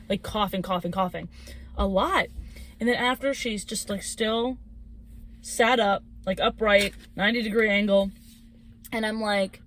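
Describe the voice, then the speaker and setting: A young woman co-hosting a podcast, telling a spooky story in casual chat, animated and giggly as she acts out the quotes. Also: medium pitch, moderate pace. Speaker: podcast co-host.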